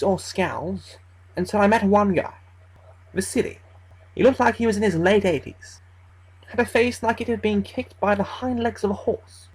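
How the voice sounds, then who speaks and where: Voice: mid-range voice, husky, rough recording. A narrator telling a first-person horror story in a casual, conversational way, swearing freely as they go. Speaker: creepypasta narrator.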